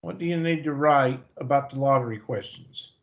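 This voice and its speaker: A man's voice: medium pitch, normal speed. Southern man teaching a math class. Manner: folksy, chatty, thinking aloud. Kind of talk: online class lecture. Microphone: video call. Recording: muffled video call audio.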